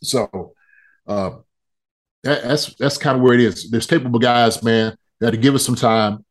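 A man in a relaxed sports podcast chat, easygoing and jokey. He leans on repetition to drive a point home and talks in a plain, middle-pitched voice. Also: unhurried. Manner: loose, joking, repeats phrases for emphasis.

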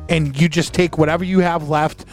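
A young adult man with a fairly high voice, cursing through a relaxed podcast chat. Faint music plays behind him. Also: a little fast. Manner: profane, laid-back. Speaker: podcast co-host. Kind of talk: casual chat.

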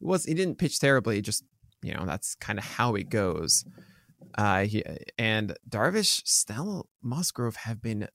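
A man with a lowish, creaky, slightly bright voice co-hosts a sports podcast with great animation, recorded cleanly in the studio without echo. His casual chat rambles, self-corrects, and jumps quickly to jokes.

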